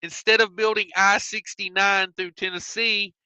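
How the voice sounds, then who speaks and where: Bright, sharp-voiced man hosting a live stream. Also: high voice, little pitch movement, smooth, dry recording, poor audio. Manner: easygoing, drawn-out filler sounds, reads chat aloud. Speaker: host of a trucking live show. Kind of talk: casual live-stream chat, reading viewer comments.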